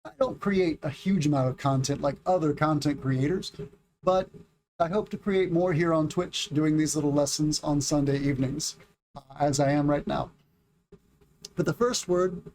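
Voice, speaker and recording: On a livestream, a middle-aged man from the United States gives a relaxed English lesson. He responds to chat and walks through pronunciation drills with slow, clear speech, in a slightly high, darkish voice.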